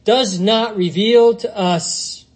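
A man's voice: high voice, slow, low-quality recording. A man preaching a sermon, reading scripture aloud and working through it with rhetorical questions. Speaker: pastor.

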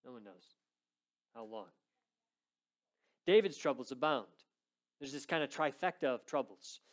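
A man's voice: mid-range voice, expressive, unhurried. A man preaching a sermon, telling a story with conversational asides and acted-out quotes. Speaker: pastor.

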